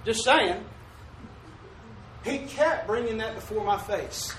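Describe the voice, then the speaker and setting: Delivering a sermon in an echoey church sanctuary, a high-voiced male pastor uses call-and-response, asking "Amen?", and slowly drawls mock King James commandments. His tone is expressive and fairly bright, captured far from the mic with a little hiss or hum.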